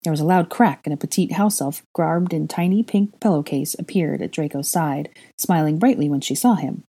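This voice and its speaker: Female narrator, low dark husky voice, reads a fan fiction story and plays the whole cast. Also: a little fast, few pauses. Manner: reads all the character voices herself.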